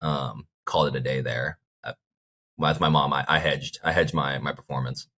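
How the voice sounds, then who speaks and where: A man's voice: very deep voice, fairly even intonation, normal speed, sharp tone. A young man as an interview guest, talking in a laid-back way, full of fillers and "like". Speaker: guest athlete. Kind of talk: casual interview chat.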